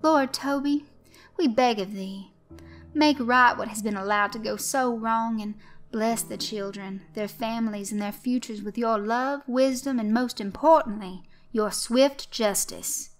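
A woman voicing a showy male host of a children's stage show, coaxing and shouting to the kids. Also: on the high side, a little slow, soft background music, voice pushed up, close to an everyday voice. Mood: preachy. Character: loud jovial male kids' show host.

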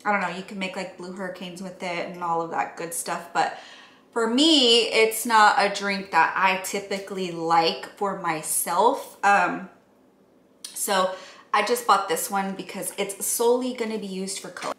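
A woman casually chatting through a home cocktail how-to, relaxed and full of ums and likes. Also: medium pitch, normal speed, roomy sound.

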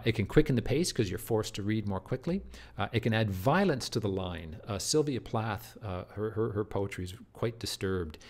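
A middle-aged man teaching literature from slides, animated, with many restarts and asides. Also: on the low side. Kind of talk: lecture walkthrough of slides.

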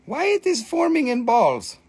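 A man hosting a live crystal sale, chatting in an excitable, joking way and swearing casually. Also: very high voice, measured pace, breathy edge. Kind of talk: live sales stream chat.

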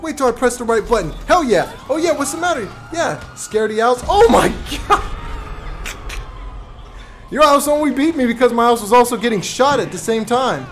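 A man voicing a brash, rowdy young gamer character during a live game stream, shouting boastful trash talk. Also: extremely high pitch, animated, moderate pace, soft background music.

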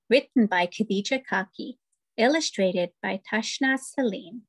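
A woman hosting a children's story time, reading picture books aloud in an animated, expressive way over a video call. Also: medium pitch, normal speed. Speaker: storyteller host.

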